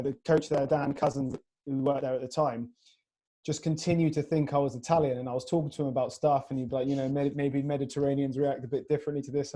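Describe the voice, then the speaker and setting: A man's voice: medium pitch, mellow. A man chatting casually on a video call podcast, telling stories with plenty of laughs. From Iraq. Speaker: podcast host and fitness coach. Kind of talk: casual chat.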